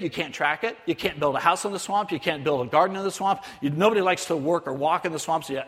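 A man giving a missionary sermon as a lively story, acting out other people's voices. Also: high-pitched. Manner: animated, acts out voices of others. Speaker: missionary speaker. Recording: long hall reverb.

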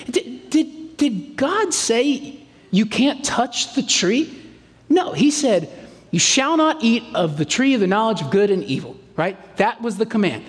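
A man preaching a sermon in a lively, animated way, acting out quotes in playful voices. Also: extremely high pitch, normal speed. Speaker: pastor. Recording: reverberant hall.

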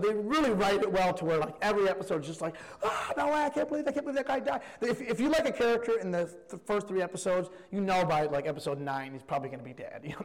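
Male pastor, 30s, high-pitched, chatty storytelling sermon, church hall reverb. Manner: animated, rambling storyteller with many fillers. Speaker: youth pastor turned preacher.

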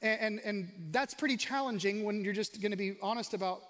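Male pastor, high-pitched, chatty questioning delivery, reverberant hall sound. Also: brisk, fairly bright tone. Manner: conversational, questioning, varies pace for emphasis. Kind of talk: sermon.

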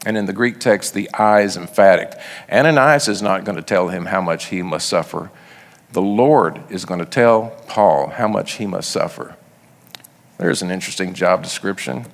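In a large hall, a man preaches a sermon, reading scripture passages aloud and then explaining them conversationally. His voice is on the low side and gravelly, at a moderate pace.

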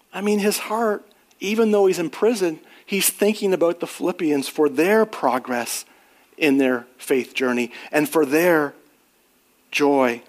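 A middle-aged man delivers a sermon to his congregation. His voice sits a little higher than most men's, and he talks in an earnest, conversational way that lifts on emphatic questions. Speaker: pastor.

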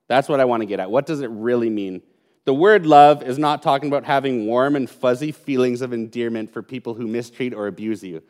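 Brief: male pastor, mid-pitched, earnest and emphatic sermon delivery. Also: darkish tone. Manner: earnest, emphatic preaching with pauses and repetition.

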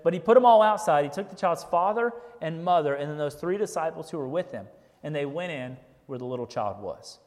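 A man preaching in a relaxed, chatty way, tossing in jokes and a frequent "right?". His voice sits a bit high for a man. The sound carries the long reverb of a big church sanctuary. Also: brisk. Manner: conversational, keeps asking "right?", jokes. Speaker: pastor. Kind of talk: sermon.

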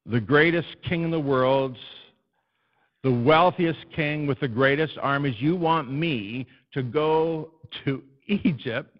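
A man's voice: mid-range voice, voice pushed up, lightly acted. A man voicing an exasperated eighty-year-old man who pleads excuses in a raised, strained voice. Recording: dull, muffled recording.

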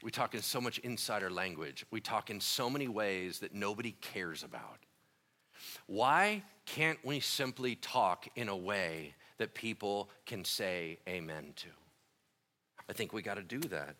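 A man preaching a sermon in a casual, slangy, conversational way, swinging between quiet stretches and loud, emphatic ones. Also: on the low side, expressive, measured pace. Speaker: pastor.

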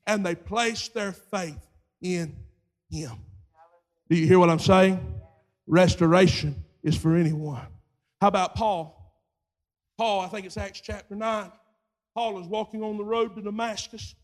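A man preaching a sermon, moving from quiet storytelling to shouted preaching and acting out voices in his retelling. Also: sits high, fairly even intonation, unhurried, long pauses.

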